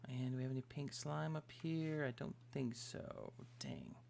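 A man giving casual let's-play commentary as host of a gaming channel, excitable, yelping and trash-talking the enemies on his screen. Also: mid-range voice, normal speed, creaky. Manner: excitable, yelps and trash-talks game enemies.

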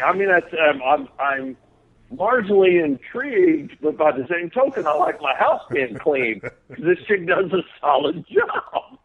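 A man with a Texan accent spins a salty, laughing yarn as a podcast guest. His voice sits a little high and comes through a tinny phone line. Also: very animated, a little slow, breathy edge. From Texas. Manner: profane, laughing, drawling storyteller. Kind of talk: casual storytelling on a podcast. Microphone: phone call.

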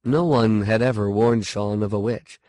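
A man narrating a fantasy short story in a slow, measured reading. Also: lowish voice, warm tone, no room sound, clean studio sound.

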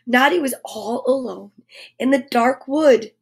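A woman's voice: high voice, measured pace, creaky. A woman hosting a children's story show, reading a picture book aloud and adding chatty asides to young listeners.

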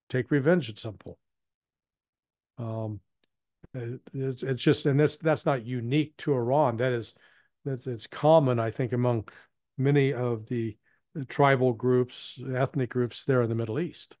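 A man's voice: mid-range voice, a little mellow, no echo. Plain-spoken man, dry close sound. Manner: plain-spoken, halting, frequent restarts. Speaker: interview guest, former intelligence analyst. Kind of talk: conversational political commentary.

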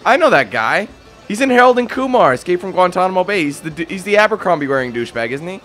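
A man's voice: high-pitched, big pitch swings, fast, fairly bright tone, soft background music. A man giving casual, joking gameplay commentary, laughing and teasing as he plays. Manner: joking, laughing, trolling banter. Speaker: let's play commentator.

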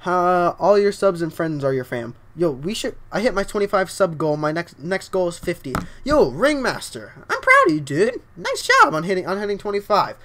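Excitable young man streaming a game. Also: high voice, moderate pace, hardly any pauses. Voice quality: scratchy. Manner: excitable, rambling, greets chat often. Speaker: livestreaming gamer. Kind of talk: casual game livestream chat.

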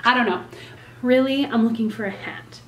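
A woman's voice: a little high, moderate pace, a bit bright. A woman vlogging casually about her vacation, chatty and playful, often laughing. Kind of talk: casual travel vlog. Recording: echoey room, faint noise.

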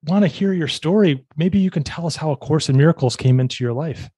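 A man's voice: fairly high pitch, brisk, dark tone, breathy edge, no echo, clean studio sound. A man co-hosting a podcast, chatting casually and joking with his guests. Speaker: podcast co-host.

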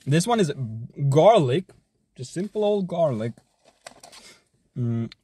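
A man chats casually while he eats on a live stream. His voice sits a little high and is husky, with lively leaps in pitch. The sound is dry and close, and his delivery is loose, jokey and full of swearing. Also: takes it slowly. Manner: hyped, joking, swears a lot, chews and hums between bites.

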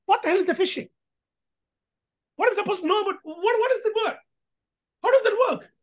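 A woman's voice: extremely high pitch, wildly swooping pitch, brisk, pitched above the performer's own voice, heavily acted. A woman voicing a bewildered elderly female scam victim who protests in incredulous, exclaiming questions.

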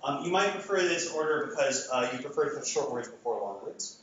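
A man's voice: on the high side, animated, fairly quick, fairly bright tone, slight background noise. A man giving an academic lecture to a live audience, talking conversationally with frequent restarts and fillers. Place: lecture hall. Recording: echoey hall, far from mic, dull sound.

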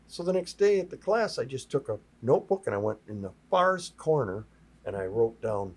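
Husky, animated man spinning stories. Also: mid-range voice, brisk. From Minnesota. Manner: lively anecdotes, acting out other people's lines in a raised voice. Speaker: guest sign painter and teacher. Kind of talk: storytelling in a podcast chat.

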